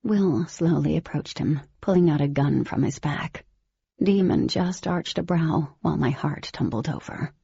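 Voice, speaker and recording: A woman giving scripted first-person audiobook narration in a steady, even storytelling manner. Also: low-pitched, measured pace, vocal fry, husky, no room sound, highs cut off.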